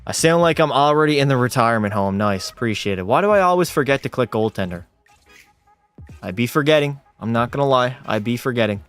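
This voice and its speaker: A man's voice: mid-range voice, a little fast, clear, resonant tone, faint music behind. A man streaming a hockey video game live, calling plays like a commentator and bantering and swearing with his chat. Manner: excitable play-by-play calls, swears and banters with chat.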